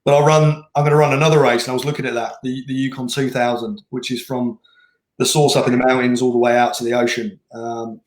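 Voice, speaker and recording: A man's voice: mid-range voice, flat delivery, fast. Interview guest, male race director, rambling storyteller, echoey room. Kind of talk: casual interview chat. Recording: roomy echoing room.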